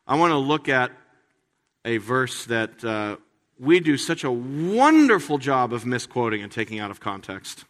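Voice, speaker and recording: A man preaching a sermon as a pastor, talking in a conversational way with playful, animated asides. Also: medium pitch, long reverb tail.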